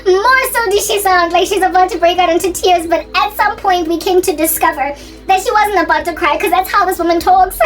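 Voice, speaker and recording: A young woman telling a school story in a casual, animated, giggly way. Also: extremely high pitch. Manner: giggly, animated, quick asides. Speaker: channel host.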